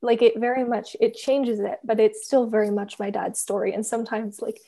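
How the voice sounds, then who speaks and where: A woman's voice: on the high side, level tone, normal speed, dark tone. A young woman from Canada chatting over a video call, explaining carefully with lots of filler words. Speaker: co-author and reader. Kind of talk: casual conversation.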